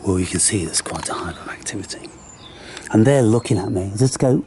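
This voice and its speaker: A man's voice: fairly low pitch, lively intonation, brisk, dark tone, a little hiss or hum. A man vlogging outdoors on a handheld camera, chatting and coaxing birds and squirrels. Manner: chatty, coaxing animals in a singsong voice. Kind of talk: casual outdoor vlog talking to birds and squirrels. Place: outdoors in a garden or woodland.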